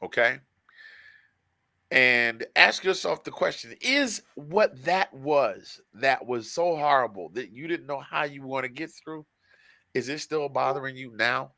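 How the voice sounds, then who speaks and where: A man's voice: mid-range voice, measured pace, gravelly, dry recording. A man hosting a sports podcast, telling stories with a lot of feeling and animation in casual talk. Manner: emotional, animated storyteller. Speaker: podcast host.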